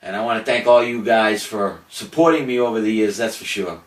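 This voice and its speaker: A man's voice: lowish voice, a little fast. An older man giving a farewell message, then telling a story in a boastful, profane, theatrical way. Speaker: cannabis activist giving a farewell video. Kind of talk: animated storytelling to an audience. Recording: roomy, distant mic, faint noise.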